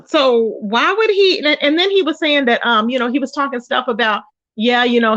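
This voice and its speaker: A woman's voice: a little high, a bit bright, dry recording, highs cut off. A woman hosting a casual livestream gossip chat, greeting viewers by name and calling them child and baby. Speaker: livestream commentary host.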